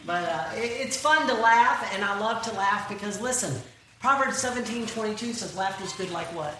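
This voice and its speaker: In a large, very echoey church hall, a middle-aged Christian comedian delivers folksy jokes and questions the audience, recorded from a distance with room noise. She speaks at normal speed in an expressive, mid-range, slightly bright voice.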